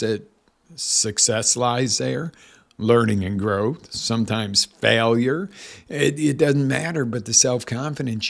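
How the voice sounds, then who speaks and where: Gravelly-voiced male life coach. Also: medium pitch. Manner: energetic, emphatic, tells stories with acted quotes. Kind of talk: motivational talk.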